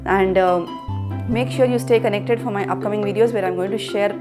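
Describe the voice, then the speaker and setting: A woman's voice: mid-range voice, steady tone, moderate pace, over music. A woman coaching parents in a direct-to-camera talk. She speaks earnestly, repeats her points, and asks the viewer rhetorical questions.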